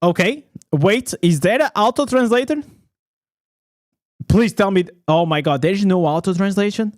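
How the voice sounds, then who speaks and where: A man giving casual, excitable reaction commentary as a gaming content creator, chatty and laughing often. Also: high-pitched, normal speed.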